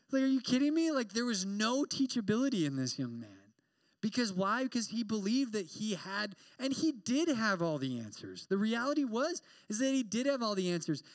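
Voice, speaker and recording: Young male campus preacher, high-pitched, dry close mic, animated and joking. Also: moderate pace, no echo. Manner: animated, joking, acts out quoted exchanges. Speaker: campus pastor. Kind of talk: sermon.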